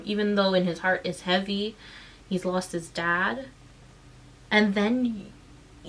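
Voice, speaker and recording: A woman vlogging as a mother, frustrated and indignant, her voice shaken and close to tears, speaking in halting bursts with many restarts. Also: medium pitch, a bit bright. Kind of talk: emotional personal vlog recounting.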